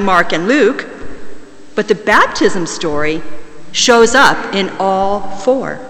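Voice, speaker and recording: A woman preaching a sermon in a large church, measured and slowing down to stress key words. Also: a little high, pushed and bright. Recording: long reverb of a large church.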